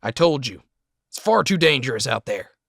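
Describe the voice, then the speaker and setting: A man doing a raspy, bitter Southern man. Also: medium pitch, sing-song, a bit bright, no echo, clean studio sound, heavily acted. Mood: angry. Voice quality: raspy, croaking. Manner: slow, brooding, accusing.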